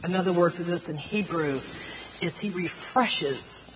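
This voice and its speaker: A middle-aged woman preaching a sermon, earnest and animated, stretching out words for emphasis. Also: on the low side, unhurried. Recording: long hall reverb, faint noise.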